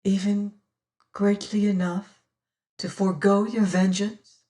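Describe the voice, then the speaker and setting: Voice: medium pitch, level tone, slow, mellow, roomy sound, natural voice. A reader voicing a desperate, tearful young woman. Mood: broken. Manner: pleading, breaking into sobs and whispers. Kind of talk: audiobook character reading.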